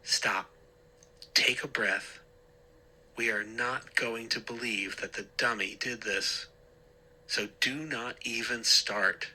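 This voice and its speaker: A man's voice: medium pitch, fairly even intonation, takes it slowly, pauses often, bright, forceful tone, heavily acted, low-quality recording. A man voicing a stern, exasperated mother who scolds her son firmly. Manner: scolding, firm.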